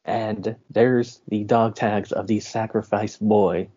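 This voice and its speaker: A man's voice: on the low side, fairly even intonation, slow, warm tone, slightly rough, lo-fi sound. A man co-hosting a film podcast, casually recapping a plot with easy laughs. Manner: laid-back, laughing storyteller.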